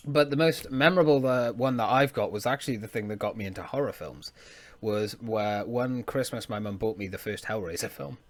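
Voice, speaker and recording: A man's voice: lowish voice, fairly quick. A man co-hosting a podcast, chatting casually and swearing freely. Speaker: podcast co-host. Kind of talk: casual chat.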